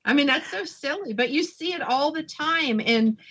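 A woman's voice: high-pitched, lively intonation, normal speed, bright, forceful tone. A woman hosting a talk show, agreeing with her guest and adding brief reflections. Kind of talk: conversational interview.

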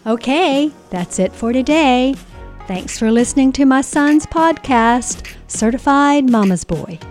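A woman's voice: high-pitched, expressive, unhurried, a little mellow, soft background music. A woman, the host's mother, reading the podcast sign-off. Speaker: host's mother doing the outro. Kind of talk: podcast outro.

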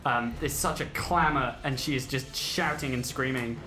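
A man running a tabletop role-playing game as game master, describing the action with many pauses. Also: medium pitch, pushed and bright, roomy sound.

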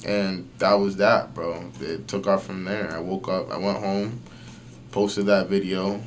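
A young man telling a story in casual podcast chat, slangy and animated, swearing often and using lots of fillers. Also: low-pitched, a little slow, slight background noise. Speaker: podcast guest.

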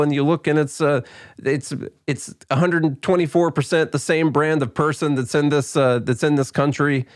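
A man's voice: fairly high pitch, animated, no room sound, studio quality. A man hosting a podcast who reads news items in a plain tone and chats casually with a co-host. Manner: reads news in a plain tone, then banters with quick laughs. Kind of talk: casual chat and news reading.

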